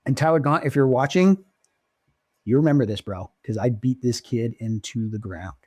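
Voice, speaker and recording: A man co-hosting a podcast, telling stories in casual chat and jumping up in pitch when he gets excited. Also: moderate pace, dry recording, clean studio sound. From Oregon. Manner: animated storyteller, pitch jumps when excited. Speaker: podcast co-host.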